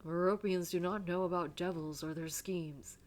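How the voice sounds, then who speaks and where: A woman's voice: on the low side, steady tone, moderate pace, natural voice. A woman voicing a wounded giant male guard who is loyal and protective, speaking earnestly and resolutely. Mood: defiant.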